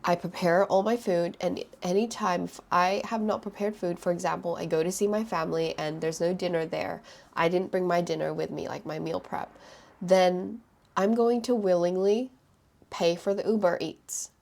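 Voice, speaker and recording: A woman's voice: lowish voice, fairly even intonation, moderate pace, creaky, a little mellow. A woman hosting a solo podcast, talking in a chatty, reflective way with many "like" fillers. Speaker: podcast host.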